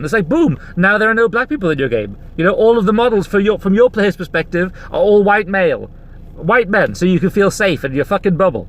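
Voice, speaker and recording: High-voiced man on a heated, profane rant. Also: sing-song, fairly quick. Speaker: podcast host. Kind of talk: ranting monologue. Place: in a car while driving.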